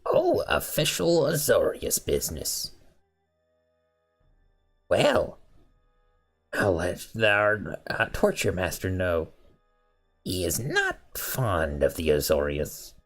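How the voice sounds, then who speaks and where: Mocking goblin guard, played by a man: deep and slow-drawling. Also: wildly swooping pitch, a bit bright, faint music behind, full character voice. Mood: sneering. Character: taunting male goblin jailer, sneering.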